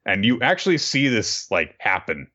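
A man's voice: lowish voice, big pitch swings, normal speed, bright, forceful tone. A man co-hosting a podcast, recapping a story in casual chat and acting out the characters' lines along the way. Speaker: podcast co-host recapping a manga. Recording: dull lo-fi recording.

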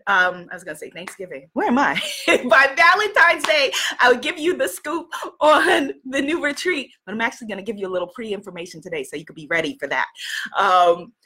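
Woman from new york chatting to her livestream viewers, high bright voice, lively, laughs a lot. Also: moderate pace, slightly rough. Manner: animated, laughs often, greets viewers by name. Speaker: livestream host. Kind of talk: casual motivational talk to a live audience.

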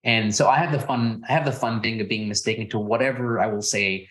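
A man's voice: on the low side, steady tone, brisk, fairly bright tone. A man from Texas, a podcast guest in casual conversation, playfully acting out exchanges with strangers. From Texas, USA. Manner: playful, acts out quoted exchanges in a raised voice.

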